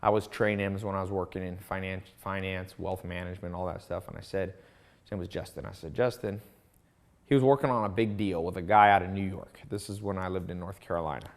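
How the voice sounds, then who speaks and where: A man teaching a course in a casual monologue, telling stories with lively asides and restarts. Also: low voice, fast talker. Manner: storytelling, animated, with asides and restarts. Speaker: course instructor.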